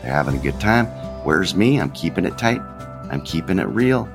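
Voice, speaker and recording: A man with a very low voice talks through an unscripted devotional as a pastor hosting his own show. He speaks candidly and conversationally, circling back to repeat his phrases. Soft guitar plays faintly underneath. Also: very animated, normal speed, creaky. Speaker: podcast pastor.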